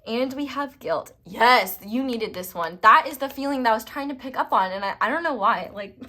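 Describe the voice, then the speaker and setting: A woman's voice: fairly high pitch, expressive, normal speed, bright, forceful tone. Chatty young woman reading tarot. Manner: chatty, rambling, lots of fillers. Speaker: tarot reader. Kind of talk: casual tarot reading to camera.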